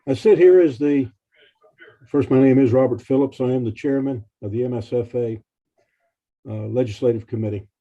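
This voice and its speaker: A man's voice: medium pitch, moderate pace, mellow. A man giving emotional, earnest testimony at a legislative hearing as a committee chairman. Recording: dull lo-fi hearing stream.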